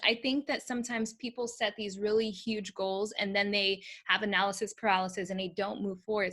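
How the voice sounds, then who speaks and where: Bright-voiced, enthusiastic woman host. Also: mid-range voice, steady tone, fairly quick, few pauses. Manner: enthusiastic and encouraging. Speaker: podcast host. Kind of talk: casual interview chat.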